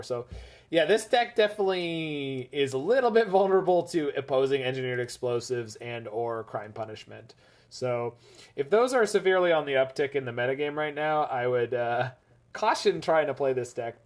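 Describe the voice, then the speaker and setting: A man casually commenting on his own card game matches, chatty and jokey, swinging between enthusiastic bursts and low mutters. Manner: chatty, rambling, jokey, laughs often. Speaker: gaming streamer.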